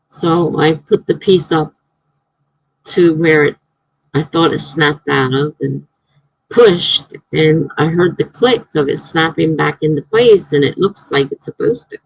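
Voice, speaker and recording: A woman's voice: sits low, a little slow, gravelly, slightly rough, dry recording, low-quality recording. A woman, a writer, hosting a casual live stream from home, chatting in a rambling way and laughing often.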